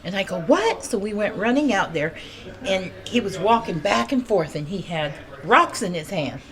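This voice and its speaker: Excited American woman eyewitness outdoors. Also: medium pitch, normal speed, a crowd in the background. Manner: excited storytelling, acts out quotes. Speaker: eyewitness neighbor. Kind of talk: on-scene news interview. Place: outdoors at a street scene.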